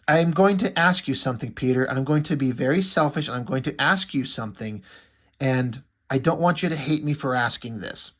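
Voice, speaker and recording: A man's voice: mid-range voice, a little fast, a bit bright, lightly acted. A man reading out an anguished young wife. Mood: pained, pleading. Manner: reads the quotes off the comic page in his own plain voice. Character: anguished young adult woman, wife in pain.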